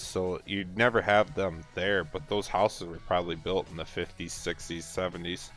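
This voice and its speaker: A man's voice: sits low, normal speed, few pauses, soft background music. A man chatting casually and teasing viewers while streaming a farming game. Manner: relaxed, chatty, teasing chat. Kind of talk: casual gameplay livestream chat.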